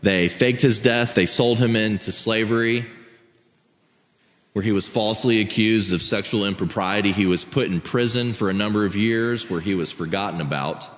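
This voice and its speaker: A man reading scripture aloud and preaching a sermon as a pastor, in a steady, measured way. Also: lowish voice. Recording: long reverb of a hall.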